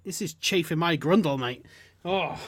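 A man's voice: fairly high pitch, moderate pace, fairly bright tone. A man hosting a podcast, ranting and swearing in casual mocking chat. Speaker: podcast host.

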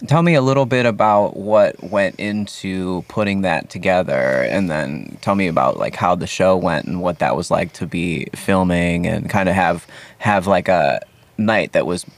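A man's voice: low voice, moderate pace, no echo. A male host asking long, rambling questions in a casual interview. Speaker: podcast host.

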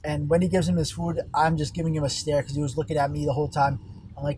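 A young man working in fast food, telling an exasperated, rambling and profane story about a customer while driving on a highway. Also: flat delivery, darkish tone, rough recording. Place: car on a highway. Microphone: phone. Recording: faint road noise in a car. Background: vehicle noise.

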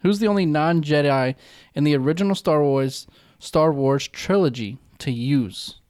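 A man's voice: on the high side, normal speed, a little mellow, no echo, clean studio sound. A man hosting a casual podcast trivia segment, teasing the contestants. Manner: jokey, teasing quizmaster. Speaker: podcast host, quizmaster.

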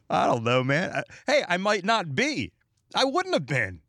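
A middle-aged man hosting a podcast, talking in an animated, emphatic and opinionated casual monologue. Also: high-pitched, moderate pace, no echo, studio quality. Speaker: podcast host.

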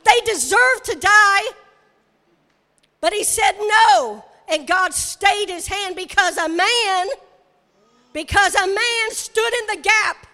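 A woman preacher delivering a sermon, emphatic and repetitive, rising to shouts. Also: extremely high pitch, takes it slowly. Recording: reverberant hall.

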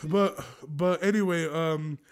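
A man's voice: a little high, slow pace, clean tone. A young man hosting a casual solo podcast, rambling through stories with heavy profanity and frequent laughs. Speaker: podcast host.

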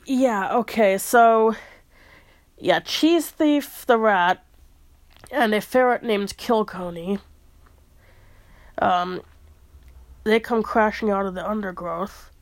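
A woman's voice: mid-range voice, takes it slowly, long pauses. A woman casually retelling a novel's plot as a podcast host, chatty, with trivia asides and fillers. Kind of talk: casual storytelling recap.

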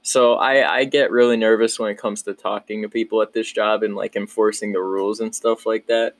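Laid-back young man, low dry voice. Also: level tone, brisk, no echo. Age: 20s. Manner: rambling, upbeat, with frequent restarts and laughs. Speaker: podcast host. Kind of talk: casual solo podcast chat.

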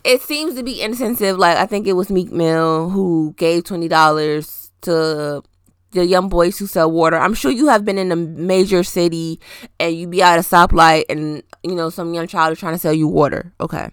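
A woman hosting a casual podcast, ranting in a loose, profane, chatty way, her voice jumping up in pitch when she gets worked up. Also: moderate pace, clear, resonant tone, no echo, studio quality. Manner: profane, animated ranting with rising emphasis; loose, chatty slang with many fillers. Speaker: podcast host.

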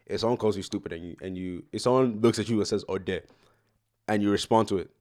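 A man's voice: on the low side, fast, a little mellow. A young man of Nigerian origin, a guest in a casual podcast chat, playful and teasing, often restarting his words.

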